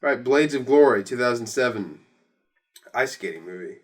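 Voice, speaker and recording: A man's voice: medium pitch, animated, husky. A man co-hosting a podcast, chatting casually about sports movies and retelling scenes with laughter. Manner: fast, laughing storyteller acting out quotes. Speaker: podcast co-host.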